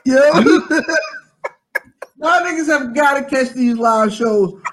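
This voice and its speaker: A man's voice: slow, fairly bright tone. A man co-hosting a rowdy podcast, laughing often in casual chat. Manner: laughing, swinging pitch. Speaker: podcast co-host.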